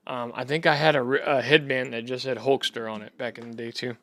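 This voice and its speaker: A man's voice: medium pitch, fairly even intonation, a little fast, fairly bright tone, no echo. A young Texan man hosting a sports podcast, chatting loosely with a rambling, profane manner. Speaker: podcast host. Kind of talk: casual chat.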